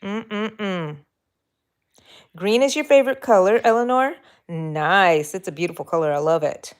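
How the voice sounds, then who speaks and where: A woman's voice: medium pitch, expressive, a little slow, clear, resonant tone. A woman with a Texan accent hosting a casual crochet livestream, chatting with viewers and talking to herself as she works. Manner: chatty, talks to herself and viewers while working. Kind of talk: casual crochet tutorial chat.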